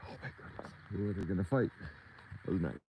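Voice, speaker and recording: A man's voice: sits low, brisk, dark tone, a little hiss or hum, poor audio. A man out of breath, rambling in casual chat on a livestream as he walks outdoors and calls to his dogs. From Michigan. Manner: rambling, talks to his dogs between thoughts. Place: outdoors on a rural property edge.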